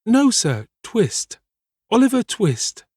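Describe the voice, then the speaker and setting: A man voicing a frail, timid young orphan boy who speaks meekly and politely, in a much higher voice. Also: sing-song, takes it slowly, a little mellow, slightly rough, dry recording, clean studio sound, heavily acted. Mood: earnest.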